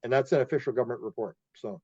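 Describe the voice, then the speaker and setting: A man from Canada, a UFO investigator being interviewed, telling animated stories, laughing often and acting out quotes. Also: mid-range voice, rapid-fire, slightly rough, no echo, highs cut off. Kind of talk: casual interview storytelling.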